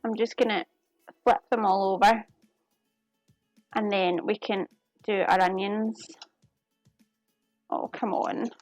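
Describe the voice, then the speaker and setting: A woman's voice: medium pitch, fairly even intonation, slow, long pauses, a little mellow, no room sound, soft background music. A woman chatting casually with her viewers as she cooks on a live stream. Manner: chatty, talks to viewers while cooking. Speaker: cooking streamer. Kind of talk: casual live cooking chat. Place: home kitchen.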